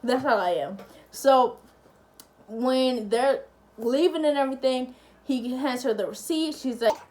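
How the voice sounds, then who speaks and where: High-voiced young woman telling a story. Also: a little slow, a little hiss or hum. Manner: lively, chatty storytelling, acting out the other people. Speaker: family-channel vlogger. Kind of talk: casual storytime to camera.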